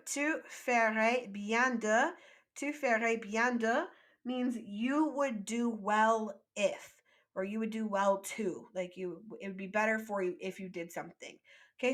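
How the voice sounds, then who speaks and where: This woman's voice sits at a medium pitch as she teaches French vocabulary. Every phrase comes slowly for learners to echo back, followed by a quick English explanation and encouraging praise.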